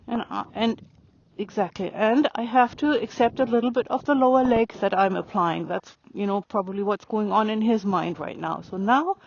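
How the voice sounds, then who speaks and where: A woman riding a horse and calmly explaining her training as she goes, pausing to speak softly to the horse. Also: medium pitch, creaky. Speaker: riding instructor. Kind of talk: narrating while riding. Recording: dry, dull lo-fi sound.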